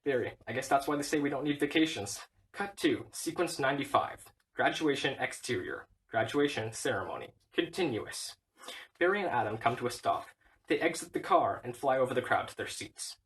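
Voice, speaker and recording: A man reading a whole film script aloud, stage directions included, in a flat, steady way. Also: medium pitch, a little fast, recorded from a distance, rough recording. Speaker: reader.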